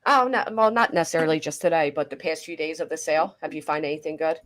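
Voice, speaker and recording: Woman, lowish voice, chatty reaction host, animated, middle-aged. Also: quick pace. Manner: chatty, animated, swears casually. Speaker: commentary host. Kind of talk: casual reaction chat.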